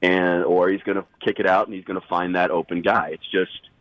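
A man with a cold calling in as a basketball insider, giving thoughtful, rambling analysis with restarts and a deep, husky voice. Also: flat delivery, a little fast, no room sound. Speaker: NBA insider guest. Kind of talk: sports radio call-in analysis. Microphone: phone line. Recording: dull phone-line call.

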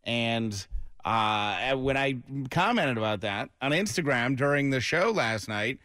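Radio guy cohosting, jokey and teasing, bright dry studio sound. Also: medium pitch, animated, no room sound. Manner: jokey, teasing, quick asides. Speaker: radio show co-host. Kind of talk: morning radio banter. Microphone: studio mic.

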